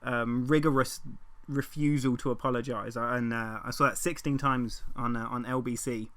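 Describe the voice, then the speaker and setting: A man trades sardonic banter on a comedy podcast. He drops in blunt, sweary remarks at an everyday male pitch. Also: steady tone, normal speed, a bit bright. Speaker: podcast co-host. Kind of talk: satirical banter.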